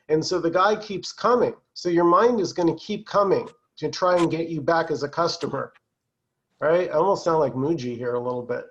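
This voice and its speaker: Calm man leading a spiritual talk. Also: a little high, normal speed, dull audio. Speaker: satsang teacher. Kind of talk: spiritual talk on a video call.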